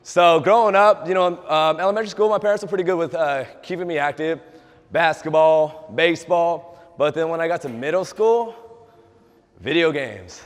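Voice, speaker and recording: A man's voice: on the high side, normal speed. A young man, a fitness trainer, giving a casual motivational talk to a group, often asking them questions and acting out quoted dialogue. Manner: chatty, asks the audience questions, acts out quoted dialogue. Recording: long hall reverb.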